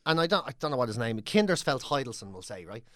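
An Irish man chats on a podcast, spinning a long yarn with lots of swearing. His voice sits at a middle pitch. The sound is close and dry. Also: racing, dry recording. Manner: sweary, animated storyteller. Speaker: podcast co-host. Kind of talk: casual chat, storytelling.

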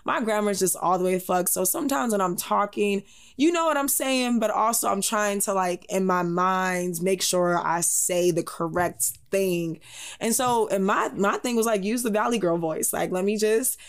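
Animated woman telling a casual story. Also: moderate pace. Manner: animated storyteller, laughs, switches into a put-on high voice. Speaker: podcast co-host. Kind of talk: casual podcast chat.

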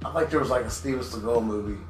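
A man's voice: mid-range voice, fast, roomy sound, faint music behind. A man co-hosting a podcast, telling stories in casual, profane chat and laughing often. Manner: animated, profane, laughing storyteller. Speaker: podcast co-host.

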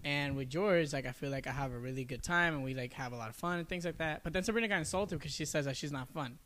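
A man's voice: a little high, fast talker, fairly bright tone. A man co-hosting a casual chat among friends, telling stories in a rambling, joking way and laughing often. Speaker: podcast co-host.

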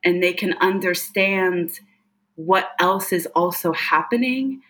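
Bright-voiced woman, animated storyteller. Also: lowish voice, slow pace. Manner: earnest, animated, many fillers and laughs. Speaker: psychic medium guest. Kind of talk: casual interview conversation.

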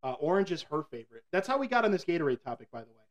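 A man co-hosting a casual podcast from a home laundry room, cracking goofy jokes right up on his boom microphone. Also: sing-song, rapid-fire, dry recording, dull audio. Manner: jokey, goofy asides. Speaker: podcast co-host. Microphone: boom mic, very close.

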